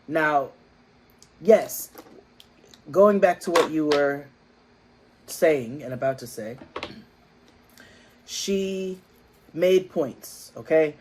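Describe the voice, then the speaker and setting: Higher-voiced man riffing on a TV episode. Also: drawn-out words, pauses often, background noise. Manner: laughs often, riffs on the scenes. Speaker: co-host of a TV recap show. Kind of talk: casual recap chat.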